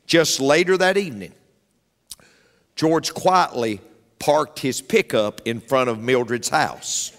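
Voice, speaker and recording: A male pastor preaching a sermon, emphatic and repetitive, swinging between loud punches and quiet asides. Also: mid-range voice, slow, long reverb tail.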